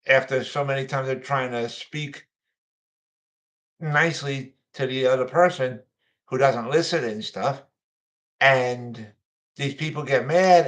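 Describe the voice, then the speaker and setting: Slow, rambling male host. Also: mid-range voice, a bit bright. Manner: rambling, repetitive, frequent fillers; mocking whiny voices when quoting others. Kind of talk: casual monologue.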